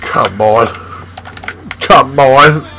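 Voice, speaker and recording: A man hosting his gaming channel, giving loud, hyped commentary while playing a basketball video game at home. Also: medium pitch, very slow, vocal fry, slight background noise, low-quality recording. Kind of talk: excited live gameplay commentary.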